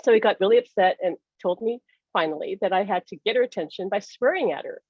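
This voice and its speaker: A woman speaking as a psychic medium guest, telling personal stories in an animated way, laughing often and acting out the dialogue she recounts. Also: medium pitch, quick pace, husky, dry recording, highs cut off.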